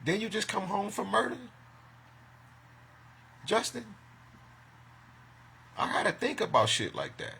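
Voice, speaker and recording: A man's voice: sits high, sing-song, measured pace, gravelly, long pauses, bright, forceful tone, slight background noise. A man ranting to the camera in a vlog, agitated and profane, making accusations. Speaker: vlogger.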